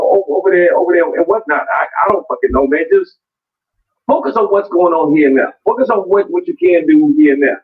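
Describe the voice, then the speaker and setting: A man debates in a blunt, cursing torrent, stumbling over restarts and fillers. His voice sits a little high and sounds distant. The call audio is muffled and dull. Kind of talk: heated online debate.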